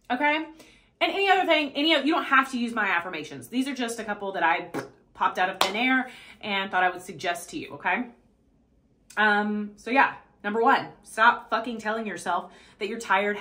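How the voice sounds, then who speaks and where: A woman's voice: medium pitch, a little fast, sharp tone. A woman fitness coach in a casual motivational vlog, blunt and profane, with emphatic delivery and a habit of checking in with "okay?" and "right?".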